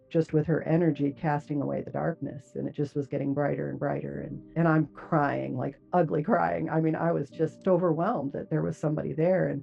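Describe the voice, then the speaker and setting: Middle-aged woman, low voice with a gravelly edge, earnest personal testimony full of casual fillers; dull lo-fi audio, faint music underneath. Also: mellow. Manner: earnest, reflective, many "like" and "you know" fillers. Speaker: guest recounting a near-death experience.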